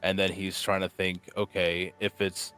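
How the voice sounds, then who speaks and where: Deep, slow-talking man rambling aloud. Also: flat delivery, sharp tone, clear, resonant tone, faint music behind. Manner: rambling, thinking aloud with many fillers. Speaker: player. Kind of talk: casual tabletop game chat.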